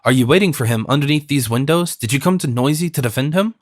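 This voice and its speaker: A man's voice: medium pitch, animated, fast talker, no echo, studio quality, lightly acted. A haughty noble ambush leader, read by a man. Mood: lofty. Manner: lofty, commanding. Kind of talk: audiobook character reading.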